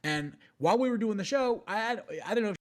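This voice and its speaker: A man's voice: sits high, animated, fast. A man hosting a live stream, casually recounting events to his co-hosts and viewers. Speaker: show host.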